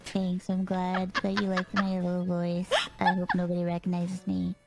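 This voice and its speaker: A woman putting on a lowered, throaty version of her voice to disguise herself on the phone. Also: completely flat delivery, moderate pace, creaky, loud music behind the voice. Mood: disguised. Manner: chin tucked, pushed-down throaty tone.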